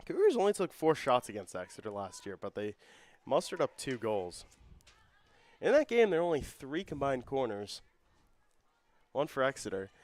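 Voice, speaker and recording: A young man doing play-by-play for a student soccer broadcast. His voice climbs and quickens as the attacks build. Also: mid-range voice, big pitch swings, a little mellow, no echo. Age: young adult. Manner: rises and speeds up with the action. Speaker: play-by-play commentator. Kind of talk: student sports commentary.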